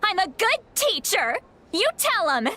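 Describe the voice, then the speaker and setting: A woman's voice: very high-pitched, sing-song, measured pace, pushed and bright, exaggerated voice. A woman voicing a drunk, grumpy old shaman woman who complains and brags theatrically in a video game. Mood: boastful.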